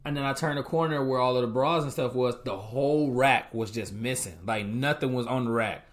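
A young man telling a casual story in a middle-pitched voice. He acts out his own reactions and quotes people as he goes. The talk is loose and conversational. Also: fairly quick. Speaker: co-host, husband.

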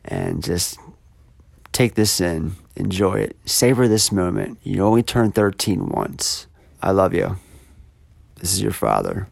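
A man in his thirties, a podcast host speaking sincerely and casually to his daughter, slightly halting at times. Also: sits low, gravelly. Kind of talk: heartfelt birthday message and casual podcast chat.

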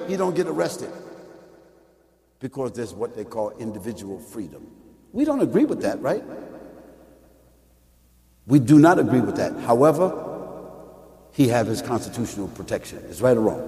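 A man preaching a lecture-style sermon, emphatic and full of rhetorical questions, sometimes rising to a shout. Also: mid-range voice, animated, moderate pace, long pauses. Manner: rises into shouting at peaks. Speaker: Muslim preacher. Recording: echoey hall with long reverb.

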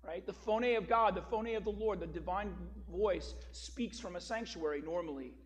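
A male pastor with a high-pitched voice delivers a sermon, moving from a folksy story into scripture teaching. He leans on key words, pushing his voice up for emphasis. A faint hum sits under the recording. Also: normal speed.

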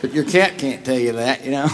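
A man who is a comedian guest, telling a long anecdote in a profane, laughing, animated way. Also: mid-range voice, slight background noise. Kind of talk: storytelling anecdote.

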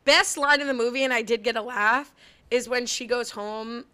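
Young woman co-host with a bright, sharp voice; chatty, laughs a lot, cuts in. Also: a little high. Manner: quick, laughing, jumps in often. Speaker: podcast co-host. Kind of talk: casual chat recapping a movie.

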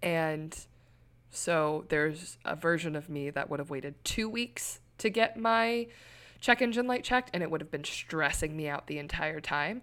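A young adult woman co-hosting a podcast, telling a personal story in casual chat with candid, animated delivery. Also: low voice, unhurried. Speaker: podcast co-host.

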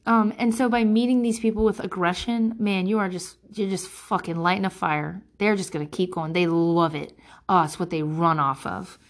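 A woman in her thirties talking casually to camera, blunt and profane, giving advice while she vents about passive-aggressive people. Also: moderate pace. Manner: blunt and profane, with sarcastic impressions of others; animated, swinging between loud outbursts and low mutters.

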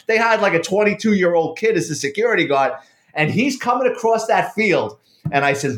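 A middle-aged man, a former police officer and author, telling a profane, animated story in casual conversation. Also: high-pitched, a little fast. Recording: roomy echo.

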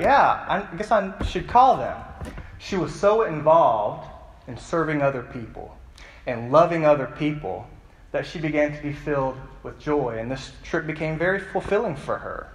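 A man's voice: a little high, roomy sound, long reverb tail, rough recording. A man preaching a youth sermon as the youth pastor, telling stories in a conversational way and asking the audience questions. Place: church hall.

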